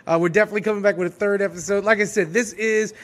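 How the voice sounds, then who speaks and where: A man with a high voice co-hosts a loose, casual podcast. He mostly chimes in with short reactions and jokes before signing off. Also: fairly even intonation, racing, a bit bright. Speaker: podcast co-host. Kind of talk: casual chat.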